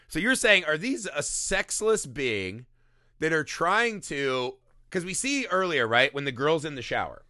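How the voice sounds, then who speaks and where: A man with a bright, sharp voice that swings up and down as he jokes through a crude movie breakdown. He sounds a little high for a man, with a dry, close sound and no room echo. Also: measured pace. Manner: animated, profane, joking, acts out lines. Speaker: podcast co-host. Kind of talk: crude comedic movie discussion.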